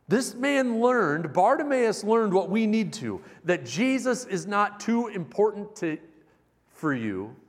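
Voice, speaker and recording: A male pastor with a high-sitting voice preaches an animated sermon, shifting between loud emphatic bursts and soft, intimate passages. A long reverb tail follows his words.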